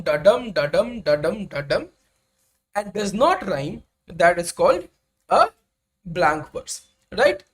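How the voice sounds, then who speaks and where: A young woman teaching a live online exam-prep lecture, checking in with "right?" as she goes. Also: fairly high pitch.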